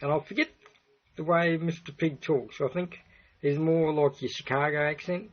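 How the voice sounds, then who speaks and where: A man's voice: a little high, fairly even intonation, normal speed. A man hosting a livestream, meandering through his thoughts with many restarts. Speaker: livestream host. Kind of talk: rambling livestream chat. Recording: dull lo-fi stream audio.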